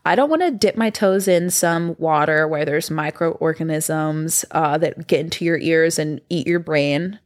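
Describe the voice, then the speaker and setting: A young woman talks straight to her viewers in a loose, rambling way. Her voice sits a little low for a woman, and she keeps filling gaps with fillers as she goes. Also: measured pace, hardly any pauses. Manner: chatty and rambling, lots of fillers, animated voices in quotes. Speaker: vlogger. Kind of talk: casual storytelling to viewers.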